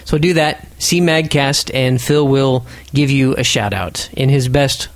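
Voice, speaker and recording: A man hosting a casual podcast, chatty and self-deprecating, rambling through listener shout-outs. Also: mid-range voice, measured pace, no room sound. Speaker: podcast host.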